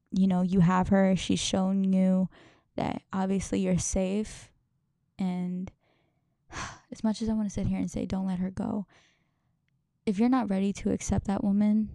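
A woman's voice: medium pitch, gravelly, warm tone, no room sound. A young woman hosting a podcast, talking in a rambling, emotional way, swearing and laughing often. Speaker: podcast host. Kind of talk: casual podcast monologue.

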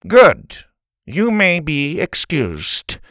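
Brief: nasal, emotionless alien principal, read by a man, commanding and raised in pitch for a storybook. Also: huge pitch swings, drawn-out words, fairly bright tone, dry recording, clean studio sound, exaggerated voice. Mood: stern. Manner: cold, commanding.

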